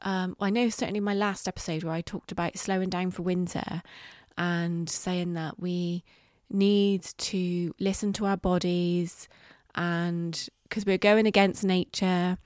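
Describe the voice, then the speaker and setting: A middle-aged woman hosting a solo podcast, talking candidly and reflectively, halting with fillers and the odd swear word. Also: lowish voice, little pitch movement, a little mellow, dry recording, studio quality. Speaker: podcast host. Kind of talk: casual solo podcast monologue.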